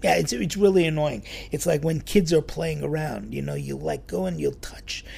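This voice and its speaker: A man telling a church story in a sermon, lively and acting out the quoted voices. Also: a little high, moderate pace, creaky, slightly rough. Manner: animated storyteller, acts out quotes.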